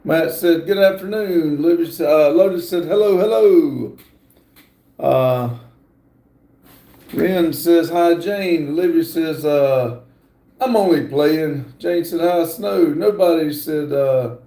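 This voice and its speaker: Slow, gravelly middle-aged man. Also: on the high side, warm tone. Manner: reads viewer comments aloud, halting and apologetic. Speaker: livestream host. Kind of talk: casual livestream chat. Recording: roomy echo.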